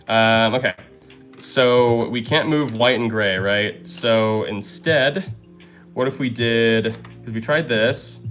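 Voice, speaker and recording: Excitable man streaming puzzle games. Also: medium pitch, takes it slowly, faint music behind. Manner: upbeat, excitable, thanks viewers often. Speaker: live-stream host. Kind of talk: casual live-stream chat while solving puzzles.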